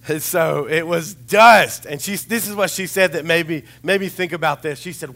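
A man delivers a sermon in a rambling, chatty, storytelling way, with a fairly high voice. His voice is a little hoarse as he recovers from losing it. He mixes in humor as he talks to his congregation. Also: moderate pace, few pauses, a bit bright. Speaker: preacher.

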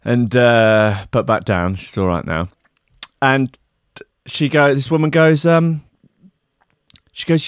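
A man's voice: mid-range voice, lively intonation, a little slow, pauses often, clear, resonant tone, no echo, clean studio sound. A man telling a comic anecdote in a wry, rambling, sarcastic way. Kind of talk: comic storytelling monologue.

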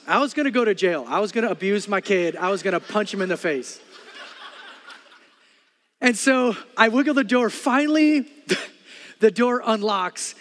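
A middle-aged man preaching a sermon as pastor, telling stories with loud bursts and quiet earnest stretches. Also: high-pitched, in a large hall.

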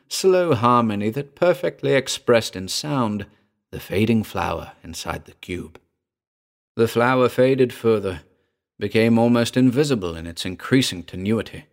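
A man narrating a classic weird tale in the first person, measured and descriptive. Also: fairly low pitch.

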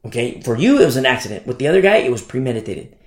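A man's voice: medium pitch, sing-song, racing, roomy sound. A man preaching a sermon in an emphatic way, repeating phrases and often asking "you see?".

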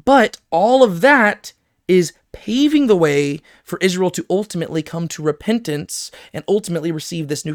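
A man's voice: fairly high pitch, no room sound, clean studio sound. A man teaching a Bible lesson, reading verses aloud and explaining them, checking in with "right?" as he goes. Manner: explanatory, reads scripture aloud, frequent "right?" check-ins. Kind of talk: scripture lesson.

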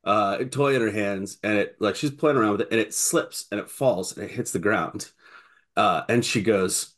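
A man co-hosting a casual podcast chat, telling an animated story with stumbling restarts. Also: lowish voice, a little fast. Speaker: podcast co-host.

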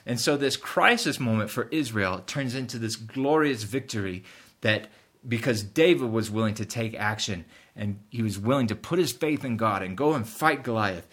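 A man's voice: lowish voice, moderate pace, fairly bright tone. A man preaching a sermon earnestly, rising in emphasis at key points. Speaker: pastor.

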